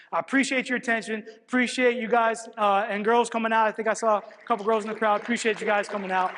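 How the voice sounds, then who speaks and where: A man presenting at a coaching clinic, breaking down game film as an animated storyteller who keeps checking in with "all right". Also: high-pitched. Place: lecture hall at a coaching clinic. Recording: long reverb in a large hall.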